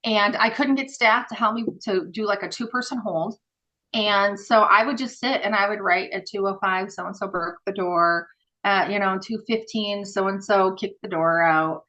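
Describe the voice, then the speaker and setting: A woman guest on a podcast, telling stories in a casual, animated way with many fillers and acted-out dialogue. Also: medium pitch, moderate pace, low-quality recording. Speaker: podcast guest, former group home worker. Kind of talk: casual interview storytelling.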